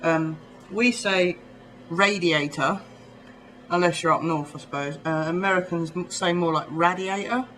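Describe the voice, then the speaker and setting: A man's voice: a little high, normal speed, hardly any pauses, a bit bright, low-quality recording. A man from near London with a southern English accent, vlogging in a casual, rambling way full of ums. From England, near London. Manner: rambling, chatty, full of ums and little laughs. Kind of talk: casual chat to camera.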